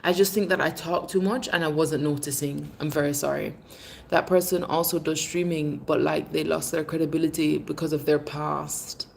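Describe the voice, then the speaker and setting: A woman hosts a casual livestream, chatting animatedly and calling her viewers babes. Her voice sits a little low, and she swings up in pitch when she gets excited. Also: moderate pace, creaky, slight background noise. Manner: bursts of laughter, lively pitch swings. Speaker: livestream host. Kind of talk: casual livestream chat reading comments. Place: Jamaica.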